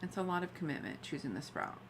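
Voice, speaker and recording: A woman gives casual gameplay commentary as a streamer, chatty and given to giggling while she thinks aloud. Her voice sits low for a woman but swings widely and expressively in pitch. A faint hum of ambience lies underneath. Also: very animated, fast talker, vocal fry. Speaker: game streamer.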